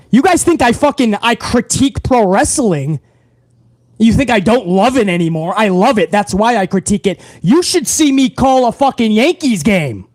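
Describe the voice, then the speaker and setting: Brash, high-voiced man ranting on a live stream. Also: no room sound. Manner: brash, loud, swearing. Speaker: host of a live wrestling talk show. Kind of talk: profane live-stream rant.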